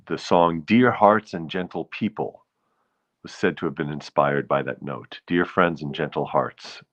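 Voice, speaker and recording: Heard through lo-fi sound, a rumbling, low-voiced host with a Bronx New York accent runs a laid-back live stream. Between rambling thoughts, he stops to say hello to viewers.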